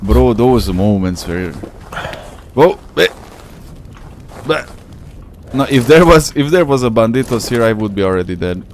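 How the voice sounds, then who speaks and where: A man streaming a game and chatting with his viewers in a rambling, slangy way, his English carrying a non-native accent. His voice sits at an ordinary middle pitch, with faint background noise under the talk. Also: animated, measured pace, long pauses, darkish tone. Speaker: gaming streamer. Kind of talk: casual live gameplay commentary.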